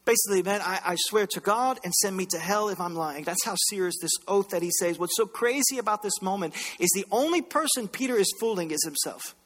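A man preaching a sermon as pastor, impassioned, swinging between loud bursts and hushed lines. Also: high voice, animated, brisk, few pauses. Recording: long reverb of a large hall.

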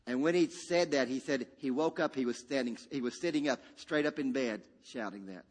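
A male pastor preaching a sermon, swinging between loud, shouted peaks and hushed, quiet passages, and calling on the congregation to repeat after him. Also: fairly high pitch, expressive, fast, few pauses. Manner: dynamic preacher with sudden shouts and hushed drops, call-and-response. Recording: long reverb of a large hall.

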